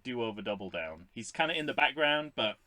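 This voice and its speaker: A man's voice: medium pitch, sing-song, a little fast, bright, forceful tone, dry recording. A man co-hosting a podcast in casual chat, joking wryly with lots of restarts. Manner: wry, joking, many restarts. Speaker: podcast co-host.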